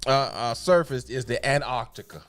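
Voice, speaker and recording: A man's voice: mid-range voice, normal speed, a bit bright, faint music behind. A man co-hosting a podcast, laid-back and slangy. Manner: laid-back, slangy, "you know what I'm saying". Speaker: podcast co-host. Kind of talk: casual podcast banter.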